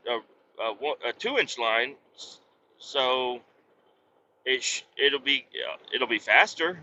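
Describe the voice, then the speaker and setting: A man with a very bright, sharp voice tells a rambling work story. He is blunt and swears a lot, stopping and restarting often. The recording sounds dull and lo-fi, with a faint hum of a vehicle behind him. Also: on the high side. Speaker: podcast host telling a work story. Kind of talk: casual storytelling monologue.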